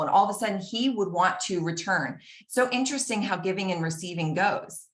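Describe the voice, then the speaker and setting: A woman shares a personal story with earnest feeling and acts out small bits of dialogue. Her voice sits low for a woman. The room around her sounds echoey. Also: a little fast, few pauses.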